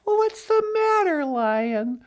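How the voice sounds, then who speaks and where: A man voicing a cheery, brisk female talk-show host on a puppet comedy podcast. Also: extremely high pitch, big pitch swings, exaggerated voice. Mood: chirpy. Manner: cheery and brisk, gives advice.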